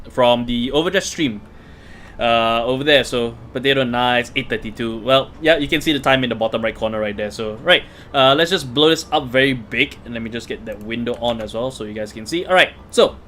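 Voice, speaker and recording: A man's voice: medium pitch, fairly bright tone, slight background noise. A man hosting a casual card game livestream, chatty, with many fillers and restarts. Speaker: livestream host.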